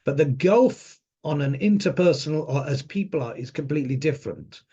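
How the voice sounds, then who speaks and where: A man's voice: on the high side, brisk, mellow, husky, lo-fi sound. A man in his fifties, an officer of a lawyers' association, recounting a trip in a rambling, conversational way with many fillers. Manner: rambling, frequent fillers and restarts. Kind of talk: casual spoken trip account.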